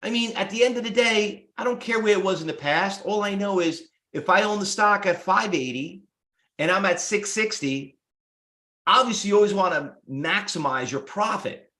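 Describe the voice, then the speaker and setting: A brash man runs a trading workshop, blunt and salesy, peppering the class with rhetorical questions. His voice sits a little high, and the room around him rings with echo. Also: moderate pace, pushed and bright. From United States. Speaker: trading instructor. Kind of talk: live workshop teaching. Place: room with live students.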